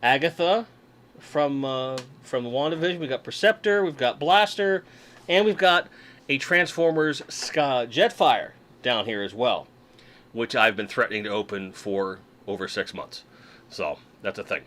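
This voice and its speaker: A man's voice: medium pitch, a little slow, fairly bright tone. A man hosting a casual livestream from his desk, chatting and joking with viewers while unboxing toys. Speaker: livestream host. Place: home room at a desk.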